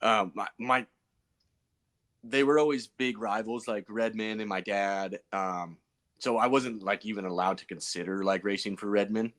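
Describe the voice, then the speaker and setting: A man's voice: fairly low pitch, steady tone, moderate pace, a bit bright. A man, a pro BMX racer guest on a podcast, telling stories in a loose, rambling way full of fillers and restarts. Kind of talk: casual podcast storytelling.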